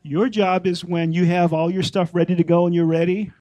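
A man's voice: high voice, little pitch movement, a little fast, mellow, no room sound, poor audio. A middle-aged man giving an informal Torah teaching, talking conversationally and repeating his points for emphasis.

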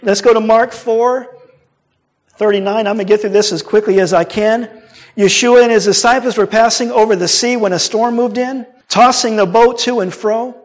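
A middle-aged man preaching a sermon, telling a personal story with animated delivery and acting out the voices of people he quotes. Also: high-pitched.

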